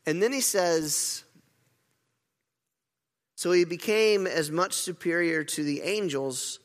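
A man's voice: on the high side, a bit bright. A man preaching a sermon as pastor, earnest, often repeating words and restarting phrases. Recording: long hall reverb.

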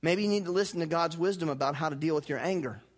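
A male pastor preaching a sermon, putting questions to his congregation and asking them to repeat lines back, swinging from loud emphatic lines to low, quiet ones. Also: quick pace. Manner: rhetorical questions and call-and-response with the congregation.

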